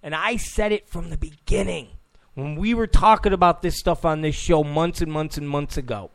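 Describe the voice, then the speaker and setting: A man's voice: fairly high pitch, moderate pace, a bit bright. A man hosting a political talk show, giving an opinionated monologue, emphatic, repeating phrases and stammering on restarts.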